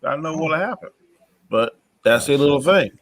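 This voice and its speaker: A middle-aged man talking casually as a podcast panelist, telling animated stories. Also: on the high side, normal speed, dry recording. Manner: animated, storytelling. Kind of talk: casual chat.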